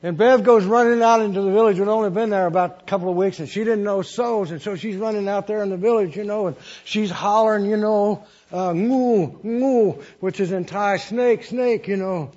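A man's voice: sits high, a little fast, hardly any pauses, darkish tone, muffled recording. An older man, a missionary preacher, telling a story in a folksy, rambling sermon with restarts and chuckles.

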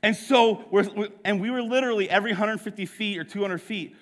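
A middle-aged man preaching a sermon, telling a story with lively acted-out dialogue. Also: sits high. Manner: animated storyteller, acts out the dialogue. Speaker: pastor. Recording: long hall reverb.

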